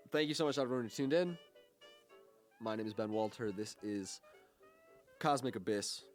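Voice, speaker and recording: A young man hosting a college radio show, chatting casually and rambling with lots of fillers and restarts. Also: on the low side. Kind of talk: casual on-air chat.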